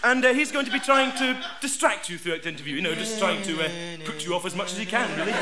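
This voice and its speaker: A man's voice: high voice, expressive, fairly quick, over loud music. A Scottish man playing a falsely sweet male job interviewer with a gushing, mock-polite manner. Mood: mock-nice. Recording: live audience laughing.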